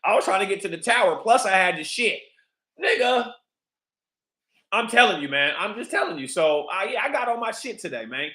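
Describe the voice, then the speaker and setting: A man with a high, bright voice talks straight to the camera in a loose, profane monologue. He rambles from one point to the next in an animated way. The sound bounces around a roomy, echoey space. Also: a little fast. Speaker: vlog host. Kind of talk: casual monologue. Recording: echoey room.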